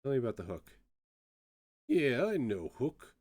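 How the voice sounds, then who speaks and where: A man's voice: mid-range voice, sing-song, measured pace, a little mellow, no room sound, voice pushed up. A man voicing a bitter old male sailor locked in a cell, grumbling in a put-on with archaic speech. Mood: sly.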